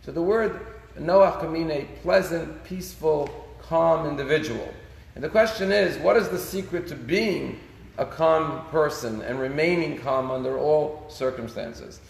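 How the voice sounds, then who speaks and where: A rabbi giving a casual daily sermon, telling stories and using Hebrew phrases. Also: male voice, a little high, unhurried, creaky. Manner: conversational storytelling, Hebrew phrases. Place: synagogue sanctuary. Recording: echoey synagogue hall.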